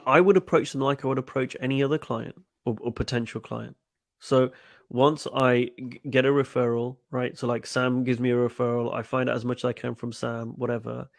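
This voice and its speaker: A man's voice: medium pitch, gravelly, no echo, studio quality. A middle-aged man, a coach, telling stories in a webinar, often repeating words and acting out quoted dialogue. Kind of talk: webinar interview answers.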